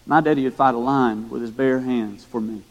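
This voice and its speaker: A man's voice: medium pitch, normal speed, warm tone, muffled recording, voice pushed down, lightly acted. A man voicing a young boy with a country accent, earnest and plain-spoken, during a sermon story. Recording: echoey hall.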